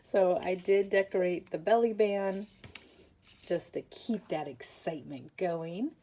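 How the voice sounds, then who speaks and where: A woman's voice: lowish voice, unhurried, mellow. A woman hosting a casual papercraft tutorial, chatty and self-deprecating, with lots of fillers, and tired and yawning. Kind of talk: casual craft tutorial chat.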